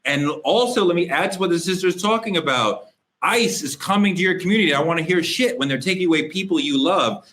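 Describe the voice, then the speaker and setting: A man hosts a political talk show, speaking bluntly and emphatically with plenty of profanity. His voice sits high for a man. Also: a bit bright. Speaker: host.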